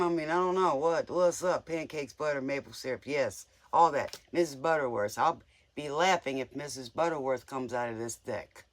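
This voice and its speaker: A man's voice: medium pitch, normal speed. A man giving a casual live tarot reading in a playful, joking way, often giggling. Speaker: tarot reader.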